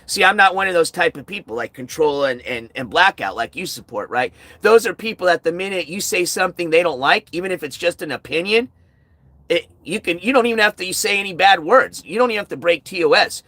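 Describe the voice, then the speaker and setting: A man's voice: high voice, bright, forceful tone, no echo. A tired man hosting a casual outdoor livestream at night, talking bluntly and sarcastically to his chat. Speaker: livestream host.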